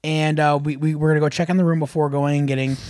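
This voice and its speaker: A man's voice: on the high side, flat delivery, quick pace, darkish tone, dry recording, studio quality. A man co-hosting a podcast, telling a story in casual chat, acting out the people he quotes and often laughing. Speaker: podcast co-host.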